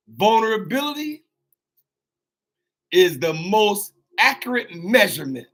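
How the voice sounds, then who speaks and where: Brief: male motivational host, high voice, preachy, repeats himself, call-and-response asides. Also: bright, forceful tone, breathy edge. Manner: drawn-out exclamations.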